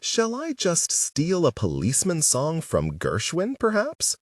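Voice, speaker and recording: A man's voice: on the high side, wildly swooping pitch, unhurried, dry recording, pitched above the performer's own voice, exaggerated voice. A man doing a sardonic young songwriter. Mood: sarcastic. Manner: dry, sarcastic. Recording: dry sound, distant mic.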